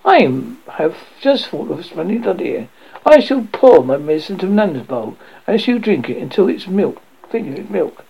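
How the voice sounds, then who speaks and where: A man's voice: sits high, sing-song, moderate pace, creaky, slightly rough, highs cut off, pitched above the performer's own voice, heavily acted. A man voicing a pompous, proud father who blusters and sulks in a storybook reading. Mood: blustering. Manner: blustering, huffy.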